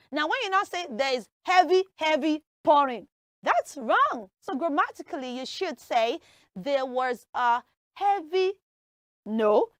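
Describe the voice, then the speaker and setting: Animated woman teacher, high-pitched, dry close sound. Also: no echo. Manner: animated, acts out everyday scenes. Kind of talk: English usage lesson. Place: television studio.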